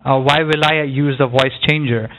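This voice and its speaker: A man's voice: mid-range voice, steady tone, normal speed, noisy background. A man posing as a call-center supervisor on a phone call, insistent and repeatedly checking that he is heard.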